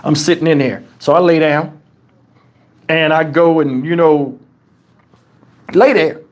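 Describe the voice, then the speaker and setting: A man's voice: on the high side, steady tone, slow. A man hosting a livestream, telling a story in a casual, profane and colloquial way on a lapel mic. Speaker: channel host. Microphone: wireless lapel mic.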